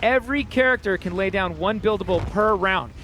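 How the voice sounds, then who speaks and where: High-voiced excitable male esports caster. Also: fairly quick. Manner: excitable, explains game mechanics. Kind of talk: esports commentary.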